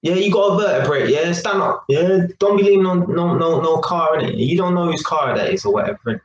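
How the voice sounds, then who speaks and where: A man's voice: fairly high pitch, fairly quick, dull audio. A young man with a London accent, telling a street story to camera in casual, slangy chat full of "innit" and "yeah". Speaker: vlogger. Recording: echoey room with faint noise.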